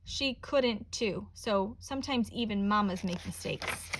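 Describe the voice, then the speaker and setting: Woman, storybook read-aloud, slow, mid-pitched, expressive, playful. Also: slight background noise. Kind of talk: reading a picture book aloud.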